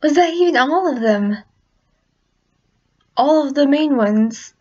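A woman's voice: high voice, lively intonation, takes it slowly, a little mellow. A woman vlogger chatting casually and making self-deprecating asides, recorded at night in a dim room on a dull lo-fi recording. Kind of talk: casual vlog.

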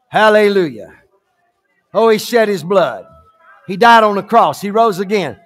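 A man preaching a fiery sermon to his church, urging the congregation on with repeated calls that swing from hushed storytelling to shouts. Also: high-pitched, expressive, unhurried, pauses often. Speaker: pastor. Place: church sanctuary, live service.

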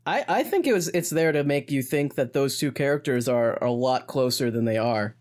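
A man's voice: medium pitch, lively intonation, normal speed, darkish tone. A man co-hosting a podcast, joking and laughing as he chats about a musical. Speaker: podcast co-host. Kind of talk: casual chat.

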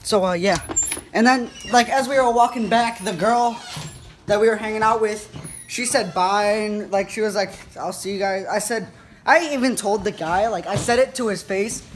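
A man's voice: sits high, normal speed, a little hiss or hum. A teenage boy vlogging, retelling an incident in a rambling way full of fillers. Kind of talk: casual storytelling to camera.

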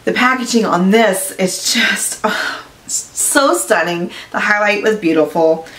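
An excitable woman vlogger gushes her way through an unboxing, unhurried and full of "you guys". She sits a bit back from the mic in a roomy, echoey space. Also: medium pitch, recorded from a distance, a little hiss or hum. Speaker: beauty vlogger. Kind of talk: casual unboxing chat.

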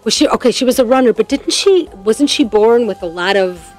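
A woman's voice: on the high side, expressive, fairly quick, soft background music. A woman co-hosting a talk radio show, speaking earnestly and with enthusiasm about success. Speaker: radio co-host and life coach. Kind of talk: casual talk radio chat.

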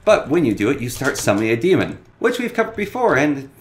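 A man's voice: sing-song, fast talker, a little hiss or hum. A man hosting a casual, joking game tutorial in a playful manner. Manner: playful and joking, bouncing pitch.

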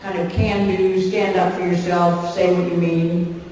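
A woman's voice: fairly low pitch, little pitch movement, unhurried, dark tone. A woman in her sixties from Canada, a guest on a convention panel stage, answering audience questions in a candid, chatty way and laughing often as she talks. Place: large convention hall stage. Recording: echoey hall recorded from far off, faint hiss.

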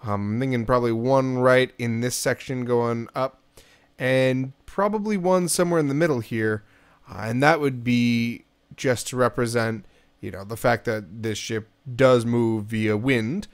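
A man giving upbeat, chatty commentary over his game footage, with quick self-deprecating laughs. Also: mid-range voice, clear, resonant tone. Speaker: Minecraft let's-play creator.

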